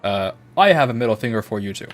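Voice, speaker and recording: A man's voice: lowish voice, expressive, fast talker, soft background music. A man streaming a game, chatting playfully and rambling, slipping into a put-on British accent. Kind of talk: casual gameplay commentary.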